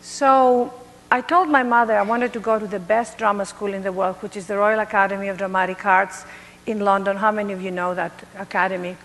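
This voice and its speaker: A middle-aged woman from Greece with a Greek accent, telling her life story to an audience in an animated, playful way. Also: medium pitch, a little fast, long reverb tail. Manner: animated, playful, laughs at herself. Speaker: motivational speaker.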